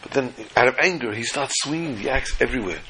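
A man telling a religious tale in a sermon, animated and dramatic, with a husky voice. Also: mid-range voice, fast, crowd noise, rough recording. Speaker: religious storyteller. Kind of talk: storytelling sermon.

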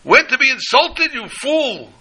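A man voicing an arrogant rich man who shouts orders and insults in a raised voice. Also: big pitch swings, measured pace, breathy edge, full character voice, poor audio. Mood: furious. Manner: shouting, high-pitched, ranting.

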